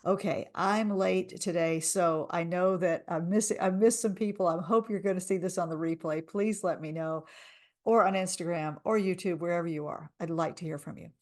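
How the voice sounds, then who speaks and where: Low-voiced woman guiding a tapping session. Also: normal speed, a little mellow. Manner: soothing, leads repeat-after-me affirmations. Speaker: tapping coach.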